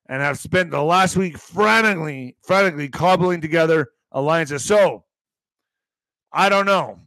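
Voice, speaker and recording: A man's voice: sits high, a bit bright, no room sound, rough recording. A man hosting his morning show, rambling casually and profanely while reading news aloud with stumbles.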